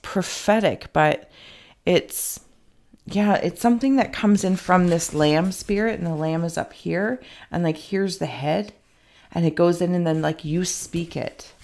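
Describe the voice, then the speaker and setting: Woman psychic reader, low voice, gravelly fry, rambling casual talk, self-mocking asides. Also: measured pace, darkish tone. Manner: rambling, thinking aloud with frequent fillers. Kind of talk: casual spoken intuitive reading.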